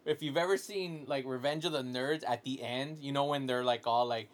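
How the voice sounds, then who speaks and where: A man's voice: mid-range voice, normal speed. A man hosting a podcast in casual chat, rambling with lots of "like" and frequent laughter. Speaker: podcast host.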